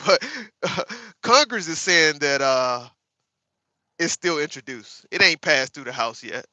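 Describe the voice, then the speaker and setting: Guy hosting a livestream, bright sharp voice, kinda high, sarcastic, talks to chat like y'all. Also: a little slow, no echo. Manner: sarcastic, animated, addresses viewers as y'all. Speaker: livestream host. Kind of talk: casual live chat reading viewer comments.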